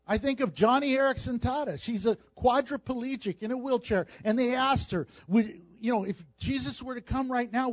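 Emphatic high-voiced male preacher. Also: no room sound, highs cut off. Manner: emphatic, repeats phrases for stress. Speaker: pastor. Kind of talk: sermon.

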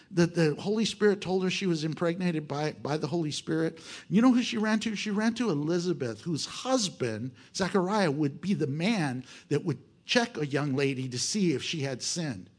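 Male pastor, high voice with big swings in pitch, lively and joking, asks his congregation rhetorical questions. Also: moderate pace. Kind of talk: sermon.

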